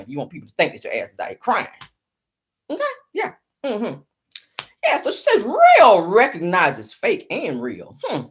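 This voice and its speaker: A middle-aged woman hosting a sassy celebrity gossip show, with a sarcastic, dramatic delivery and drawn-out emphasis. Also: mid-range voice. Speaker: host.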